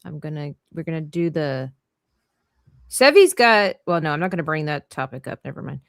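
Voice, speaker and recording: A Canadian woman hosts a casual live drawing stream, chatting animatedly and laughing often as she works. Her deep voice has vocal fry and a normal pace, captured dry in clean studio sound.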